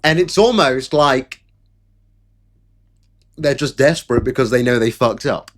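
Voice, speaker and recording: A man's voice: medium pitch, animated, unhurried, slight background noise. A man delivering sarcastic, mocking political commentary in a ranting live stream. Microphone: camera setup at home.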